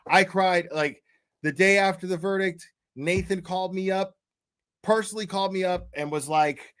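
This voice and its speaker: This Tennessee man's high, slightly bright voice cracks with tears as he speaks emotionally on a true crime livestream. He halts, repeats words, and swears often, in a studio-quality recording without echo.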